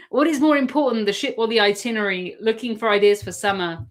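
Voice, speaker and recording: An English woman chatting casually on a live stream, answering viewer questions and laughing often. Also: a little high. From England. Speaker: cruise live-stream host.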